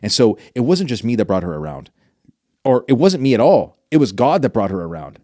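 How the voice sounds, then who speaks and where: A man's voice: medium pitch, sing-song, fairly quick, warm tone, no echo, clean studio sound. A man telling a personal faith story as an interview guest, earnest and emotional, often restarting his sentences.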